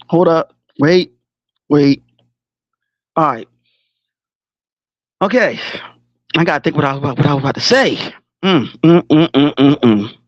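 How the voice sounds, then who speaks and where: This livestream host has a high voice, captured on lo-fi sound with no echo. He's animated and casual, rambling in slangy spurts with plenty of swearing, repeatedly breaking off to laugh and collect himself.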